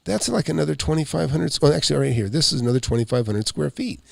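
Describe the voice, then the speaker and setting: Gravelly-voiced man telling a story. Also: a little high, dry recording. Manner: animated, rambling storytelling with quick asides. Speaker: real estate investor and host. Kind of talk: casual storytelling on a live show.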